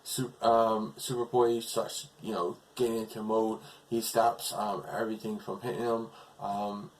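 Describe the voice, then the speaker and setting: Guy with a kinda low voice going over a tv episode, lots of um and you know. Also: flat delivery, unhurried, slight background noise, poor audio. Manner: rambling retelling full of fillers. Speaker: TV episode reviewer. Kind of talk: casual episode recap.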